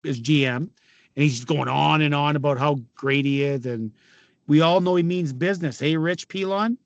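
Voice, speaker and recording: A Canadian man in his fifties tells rowdy hockey stories in a casual chat, swearing freely, laughing, and acting out each quote. His voice sits a little high, and the sound is close and dry with no room echo. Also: moderate pace, highs cut off. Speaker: podcast guest, former pro hockey player. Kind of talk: casual storytelling.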